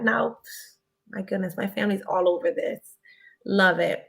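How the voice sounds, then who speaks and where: A woman's voice: mid-range voice, measured pace, vocal fry, breathy edge. Chatty young woman on a live stream. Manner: chatty, reads comments aloud and greets viewers. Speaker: YouTuber answering viewer questions. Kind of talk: casual live stream chat.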